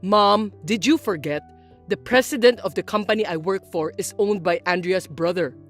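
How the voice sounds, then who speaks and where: A performer voicing a patient adult son who explains things in a steady, firm way. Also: mid-range voice, moderate pace, faint music behind, close to an everyday voice. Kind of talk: dubbed drama acting.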